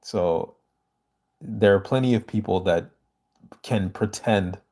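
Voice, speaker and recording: A man speaks in a lowish, mellow voice, hosting a casual livestream and answering his viewers. He talks earnestly and with emphasis. The sound is a plain home setup. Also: takes it slowly. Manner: earnest, emphatic, reads chat aloud and answers. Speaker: livestream host reading viewer comments.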